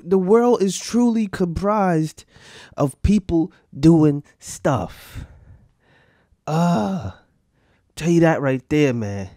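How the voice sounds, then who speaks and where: Male podcast host, slangy and laughing, lively pitch, dry close mic. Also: vocal fry, dry recording. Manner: laughing, slangy and animated while reacting to clips. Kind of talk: casual podcast chat.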